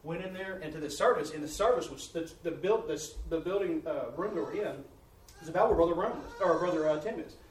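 A male preacher shares a testimony from the pulpit and tells it with lively, laughing energy. His voice sits a touch high. He is caught from a distance in a roomy church with faint ambient noise. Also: a little fast. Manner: animated storytelling with laughter and repeated "I said". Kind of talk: sermon testimony. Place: church sanctuary.

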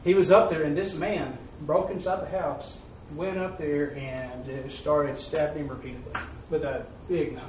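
A preacher man tells his mission story in a folksy, repetitive style, building to emphatic peaks. His somewhat high voice carries from a distance in a heavily echoing hall, over a faint hiss. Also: steady tone, moderate pace, few pauses, darkish tone. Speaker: preacher giving a mission report. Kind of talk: sermon storytelling. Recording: echoey hall, far-off mic, faint noise.

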